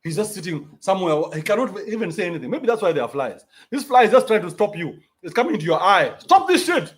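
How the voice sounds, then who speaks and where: A man with a Kenyan accent hosting a podcast, ranting in a mocking, animated way and swearing freely. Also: high-pitched, quick pace. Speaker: podcast host. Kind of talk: ranting commentary.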